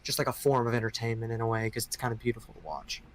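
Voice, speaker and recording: A man's voice: mid-range voice, flat delivery, very fast, a little hiss or hum. A man running a tabletop role-playing game as game master, describing scenes in a loose, improvised way with many fillers.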